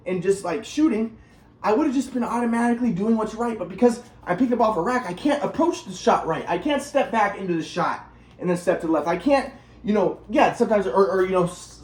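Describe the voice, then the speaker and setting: A man vlogging in a rambling, casual monologue, often restarting and acting out moves as he talks. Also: high-pitched. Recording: roomy echo.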